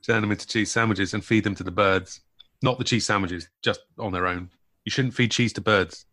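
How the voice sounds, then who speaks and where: A man with a West Country English accent, co-hosting a casual podcast chat with dry, deadpan humor. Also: lowish voice, brisk. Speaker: podcast co-host.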